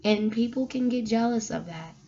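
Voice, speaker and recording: A woman vlogger giving a casual spiritual talk, animated and emphatic as she tells stories. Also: a little high, normal speed, noisy background. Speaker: vlogger giving a faith message. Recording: dull lo-fi recording.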